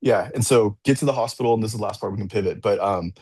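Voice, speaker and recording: Low-voiced man telling a story, rambling. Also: fast, a little mellow, breathy edge, dry recording. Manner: rambling, full of restarts and "like", acts out quoted people. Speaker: assistant track and field coach, podcast guest. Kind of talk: casual storytelling in an interview.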